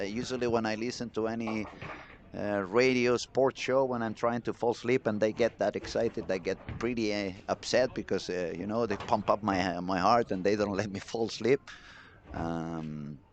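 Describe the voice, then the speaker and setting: Excitable male bowling commentator. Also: on the low side, slight background noise. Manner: excitable, chatty, talks to the chat. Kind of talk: live sports commentary.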